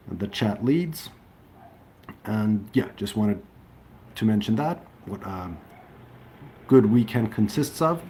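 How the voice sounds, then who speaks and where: Rambling low-voiced man on a livestream. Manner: relaxed, rambling, many fillers and restarts. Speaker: livestream host. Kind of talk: casual live-stream chat. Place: indoors near a railway line. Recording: faint train noise in background. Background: passing train noise.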